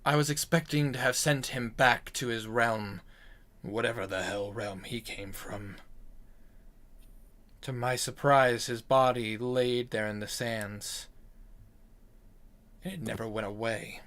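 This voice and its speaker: Guy doing a grim demon hunter dude, proud of his kill, talks slow and even. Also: medium pitch, lightly acted. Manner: grim, boastful, measured. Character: proud male veteran demon slayer, grim.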